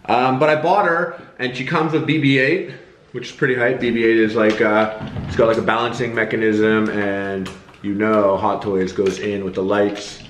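A man's voice: lowish voice, flat delivery, normal speed, reverberant, slight background noise. A man vlogging in a loose, joking way, swearing casually as he chats to the camera. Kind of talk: casual vlog chat.

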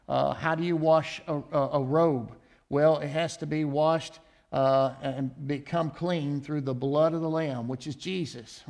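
Earnest man preaching with rhetorical questions. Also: fairly high pitch. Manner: reads scripture aloud with rising emphasis. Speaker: pastor. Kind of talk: sermon.

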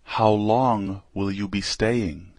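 A man slowly reading short practice phrases aloud for a language lesson, one at a time with pauses. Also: on the low side, fairly even intonation, darkish tone, no echo, clean studio sound.

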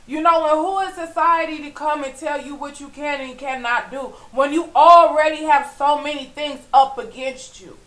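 A woman venting in a personal vlog, frustrated and preachy. She swings from weary low murmurs to loud, emphatic outbursts and keeps asking "you know what I'm saying?". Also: steady tone, moderate pace, hardly any pauses, reverberant, low-quality recording. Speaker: vlogger. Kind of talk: impassioned personal vlog monologue.

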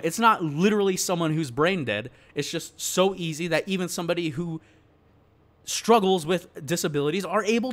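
Worked-up man ranting, lively voice. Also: fairly high pitch, moderate pace. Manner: casual slangy address to the audience. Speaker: gaming YouTuber. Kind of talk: ranting gaming commentary.

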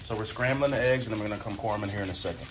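A man's voice: fairly low pitch, racing, noisy background. Laid-back man cooking at home. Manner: jokey, laid-back, talks straight to viewers. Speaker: cooking vlog host. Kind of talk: casual cooking demo chat. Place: home kitchen.

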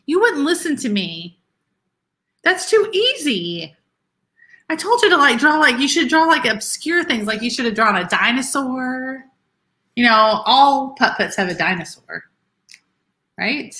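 A woman's voice: high voice, sing-song, unhurried, long pauses, bright, forceful tone. A woman co-hosting a casual live stream, teasing her co-hosts and reading viewer comments aloud in a chatty way. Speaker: co-host of live resale show.

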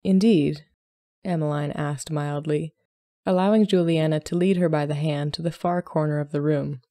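A woman podcast host narrating a short story in a calm, measured way. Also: low-pitched, dry recording, clean studio sound. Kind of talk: scripted narration.

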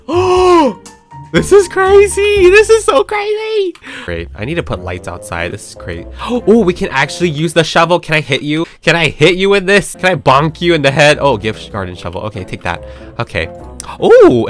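An excitable young man walks through a game update, gasping and squealing constantly. His voice swings widely in pitch and sits at an ordinary middle height. Faint music plays under his talk. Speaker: gaming YouTuber.

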